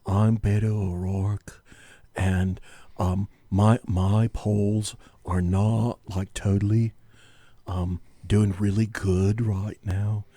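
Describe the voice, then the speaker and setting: A man doing an impression of a laid-back male Valley dude politician, with a slow drawl full of likes and ums. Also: fairly low pitch, little pitch movement, warm tone, no room sound, pitched below the performer's own voice.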